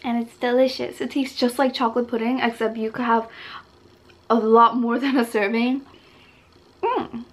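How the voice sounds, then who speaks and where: A woman's voice: fairly high pitch, flat delivery, moderate pace, pauses often. Chatty, giggly young woman vlogging. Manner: chatty and giggly, slips Japanese words into English. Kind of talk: casual vlog chat.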